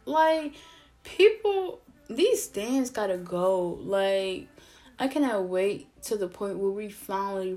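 A woman ranting, profane and animated, rambling with lots of fillers and self-interruptions. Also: medium pitch. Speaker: vlogger. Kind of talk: casual opinion rant to camera.

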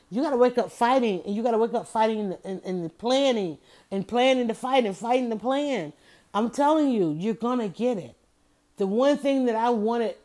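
Calling her audience y'all, a middle-aged podcast host gives an emphatic, repetitive motivational monologue. She speaks with a fairly high, slightly mellow voice.

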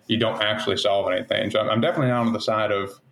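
A man in his thirties giving measured, thoughtful opinions in a casual podcast discussion. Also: lowish voice, steady tone, vocal fry, fairly bright tone. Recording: roomy echo.

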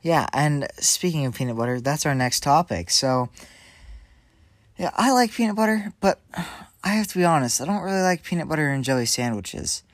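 A man's voice: a little high, big pitch swings, moderate pace, dry recording, studio quality. A man co-hosting a casual chat, laid-back and joking, often laughing. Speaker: co-host.

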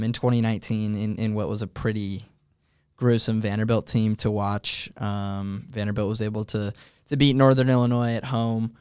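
A young man hosting a casual college sports talk show, thoughtful and filling pauses with um as he thinks aloud. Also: on the low side, smooth, no echo, clean studio sound. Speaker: host.

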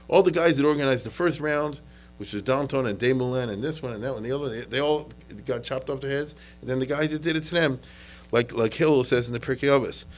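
On a low-quality recording, a man with a mid-range voice gives an informal history lecture. He keeps it conversational, checks in with his listeners often, and sprinkles in Yiddish and Hebrew terms.

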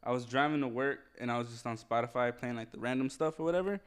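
A man co-hosting a podcast, relaxed and hesitant, peppering his talk with "like". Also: medium pitch, quick pace, smooth. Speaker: podcast co-host. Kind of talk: casual chat.

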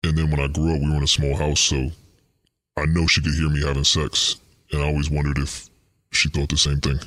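Creepy pitched-down confessor, flat and very low. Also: male voice, no room sound, clean studio sound. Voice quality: deep put-on voice, slow and creepy. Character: creepy deep-voiced man confessing dark urges.

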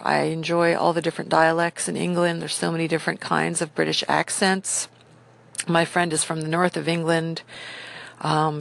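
Low, gravelly-voiced rambling woman. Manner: rambling, enthusiastic, many fillers. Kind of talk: casual monologue.

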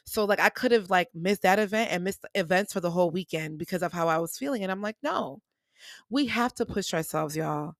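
This young woman's lowish voice moves at a quick pace with hardly any pauses, recorded cleanly in a studio with no room sound. As a podcast host, she's animated and chatty, encouraging her listeners and calling them y'all in casual motivational talk.

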